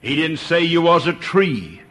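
Very animated and a little slow, an older preacher delivers his sermon, swinging from hushed lows to soaring, passionate cries. He repeats words and trips over his restarts.

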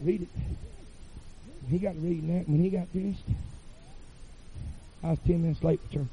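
A man preaching a revival sermon in a church, chanting phrases with "uh" fillers and rising to shouts. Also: a little high, fairly even intonation, moderate pace, a little hiss or hum, rough recording.

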